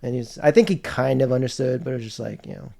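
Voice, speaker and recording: A man's voice: medium pitch, fairly even intonation, quick pace, gravelly, mellow. A young man telling work stories in casual podcast chat, cursing often and filling his talk with "like". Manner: swearing, storytelling with lots of "like". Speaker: podcast host.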